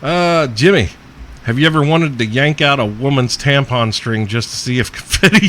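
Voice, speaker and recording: A man's voice: mid-range voice, moderate pace, fairly bright tone, slight background noise. A man hosting a podcast, answering listener questions in a crude comedic rant, profane and joking with frequent chuckles. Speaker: podcast host.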